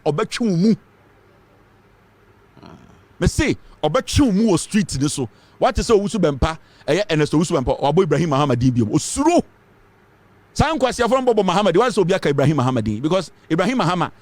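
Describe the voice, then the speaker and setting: Brief: Ghanaian male commentator, fiery and emphatic, raised pitch, very animated delivery. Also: no room sound. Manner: fiery, emphatic, repeats points, mixes English with Twi. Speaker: political commentator. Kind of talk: impassioned political commentary.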